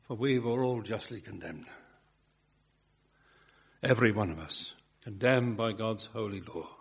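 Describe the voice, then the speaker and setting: Husky-voiced preacher, emphatic sermon. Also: male voice, lowish voice, a little slow. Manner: emphatic preaching, swelling and dropping to soft repeated phrases.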